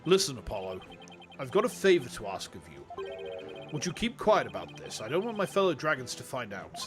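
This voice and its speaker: Man voicing a gruff older father figure, solemn, measured, faint music behind. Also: mid-range voice, very animated, lightly acted. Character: older male leader, gruff, grave, fatherly.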